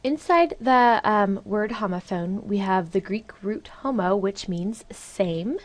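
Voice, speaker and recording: Woman teacher in a video lesson, talks real slow, clear explaining. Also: medium pitch, expressive.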